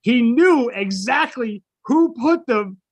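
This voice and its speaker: A man's voice: very high-pitched, animated, slow pace. A middle-aged man, a podcast co-host, telling a profane story in casual chat and acting out the people in it.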